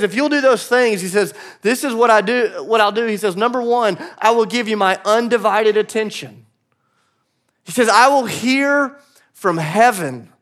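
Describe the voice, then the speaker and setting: A pastor, a man in his thirties, preaching a sermon in a conversational, animated way with playful asides. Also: high-pitched. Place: church stage.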